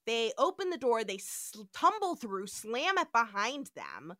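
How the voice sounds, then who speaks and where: A woman's voice: on the high side, unhurried, no echo, clean studio sound. A woman hosting a casual podcast, retelling episode scenes and acting out the characters' lines. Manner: animated storytelling, acts out quotes. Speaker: podcast host.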